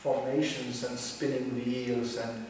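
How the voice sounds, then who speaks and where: A man telling lively stories in a talk, acting out voices and laughing often. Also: medium pitch, slow, a little hiss or hum. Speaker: speaker at a religious gathering. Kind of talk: storytelling talk. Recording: echoey hall, voice from far off.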